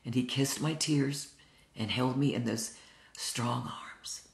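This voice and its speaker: A woman's voice: extremely low pitch, slow, gravelly. Older lady leading a bible study, earnest and heartfelt, roomy echoey sound. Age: 60s. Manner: earnest, heartfelt personal storytelling. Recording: roomy echo.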